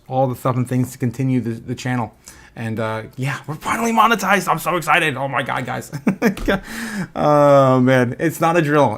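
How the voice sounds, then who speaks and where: A man hosting a live stream. He talks in an excitable way, laughs often, and stammers and repeats himself. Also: a little high. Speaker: crypto livestream host.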